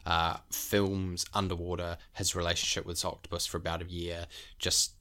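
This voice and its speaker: A man's voice: sits low, level tone, normal speed, bright, forceful tone. A man co-hosting a podcast, rambling enthusiastically through award categories in casual chat, with many fillers. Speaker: podcast co-host.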